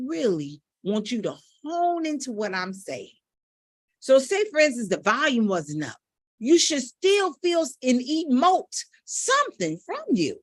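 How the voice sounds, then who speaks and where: A woman's voice: fairly high pitch, a bit bright, no room sound, clean studio sound. A middle-aged woman vocal coach teaching public speaking in an emphatic, demonstrative way. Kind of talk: energetic teaching talk.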